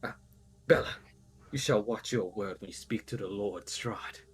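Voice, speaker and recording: A man's voice: on the low side, unhurried, slight background noise, lightly acted. A man voicing an uptight, pompous male servant with a stiff, prim way of talking.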